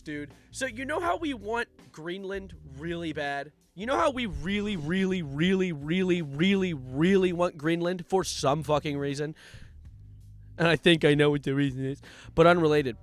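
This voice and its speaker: A young man live streaming, chatting casually, joking around and reading out donations in an animated way. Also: fairly high pitch, moderate pace, soft background music. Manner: jokey, animated, reads donations aloud. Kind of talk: casual livestream chat.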